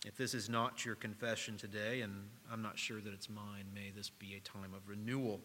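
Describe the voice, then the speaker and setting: A middle-aged man, a pastor preaching a sermon in a church, speaking earnestly, dropping to a hush and then rising to emphasis. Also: lowish voice, level tone, moderate pace, hardly any pauses, long reverb tail. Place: church sanctuary during worship.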